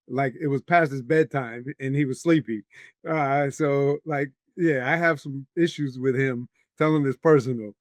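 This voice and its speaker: A man's voice: medium pitch, moderate pace, no echo. Playful man on a dry mic. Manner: playful, competitive teasing. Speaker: podcast guest, education leader. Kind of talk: casual interview chat.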